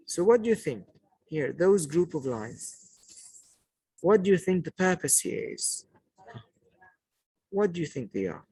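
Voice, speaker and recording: A man's voice: a little high, very animated, warm tone, husky, dry recording, low-quality recording. A man teaching a poetry lesson to a class, asking questions and praising the answers, and repeating key points. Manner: slow, repetitive teaching delivery.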